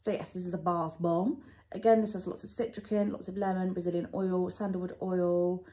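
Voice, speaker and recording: Young woman vlogger, slightly low voice, gushing and chatty, casual product-review delivery. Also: flat delivery, brisk, mellow. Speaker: beauty vlogger.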